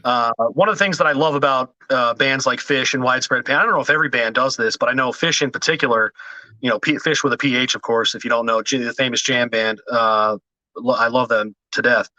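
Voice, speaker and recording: A man talking as a podcast guest in casual chat, hesitant with many restarts and quick to laugh. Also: medium pitch, pushed and bright, dry recording, lo-fi sound.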